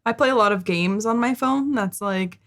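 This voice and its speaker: A woman's voice: mid-range voice, moderate pace, a bit bright. An American woman hosting a reaction video, chatting in a rambling, self-deprecating way. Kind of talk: casual chat.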